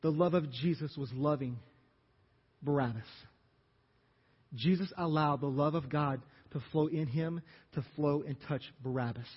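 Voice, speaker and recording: A man's voice: a little high, measured pace, pauses often, husky. Pastor guy telling a bible story big and dramatic, kinda muffled recording in a church. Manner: dramatic storytelling, acting out crowd voices. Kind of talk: sermon. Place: church sanctuary. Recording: dull reverberant church recording.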